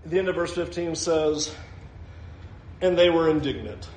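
A male pastor preaching a sermon, animated, acting out the quotes he reads with shifting voices. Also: fairly high pitch, a little slow, roomy sound.

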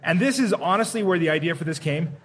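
A man's voice: a little high, quick pace, fairly bright tone, a little hiss or hum. A man co-hosting a podcast live at a comic convention, steering the chat with stammering restarts. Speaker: podcast co-host.

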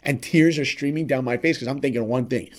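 A man on a podcast telling a motivational life story, speaking straight to listeners and swinging between loud emphasis and quiet asides. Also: medium pitch, a little fast. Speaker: podcast guest.

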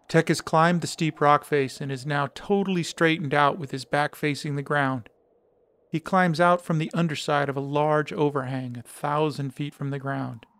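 Clear-voiced male story narrator. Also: a little high, no echo. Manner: steady, descriptive. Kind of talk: scripted narration of a screenplay.

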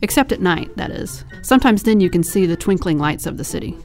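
A woman's voice: lowish voice, expressive, brisk, a little mellow, soft background music. A woman reading aloud as an impatient young prince in a storybook, curt and matter-of-fact.

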